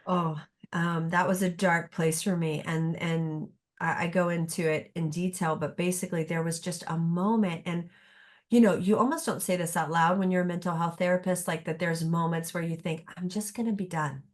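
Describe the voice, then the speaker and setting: A woman's voice: fairly low pitch, little pitch movement, moderate pace. A middle-aged woman therapist speaking as a podcast guest, reflective and earnest, often restarting her sentences. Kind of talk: podcast conversation.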